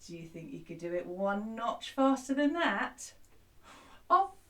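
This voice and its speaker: A woman's voice: medium pitch, lively intonation, moderate pace, distant mic. A woman teaching a children's music lesson who sings an action song and cheerfully explains each step. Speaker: primary school music teacher.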